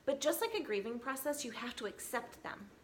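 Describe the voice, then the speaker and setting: Chatty earnest woman, slightly high voice. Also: expressive, brisk, slight background noise. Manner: earnest, chatty, many fillers and restarts. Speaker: equine massage therapist vlogger. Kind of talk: casual talk to camera. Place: home, California. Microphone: camera mic.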